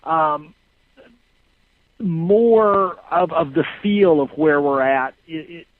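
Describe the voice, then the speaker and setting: A man's voice: on the high side, takes it slowly, no room sound. Hesitant man on a tinny phone line. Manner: hesitant, many fillers and restarts. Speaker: guest calling in. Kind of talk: casual interview answers.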